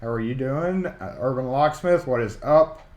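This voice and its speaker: A man's voice: medium pitch, moderate pace, a little mellow. A Southern man hosts a laid-back live-stream chat, rambling from one thought to the next and greeting viewers by name. His mid-range voice rings a little in a roomy space. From Mississippi, USA. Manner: chatty, rambling, reads chat comments aloud. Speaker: livestream host. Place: home workshop. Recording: roomy echo.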